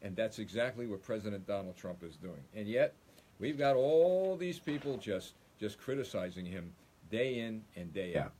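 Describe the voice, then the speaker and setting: A man's voice: lowish voice, big pitch swings, moderate pace, mellow. A middle-aged man hosting a political live stream, talking emphatically and repeating points to his listeners. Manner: emphatic, repetitive, addresses listeners as folks. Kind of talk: political commentary monologue.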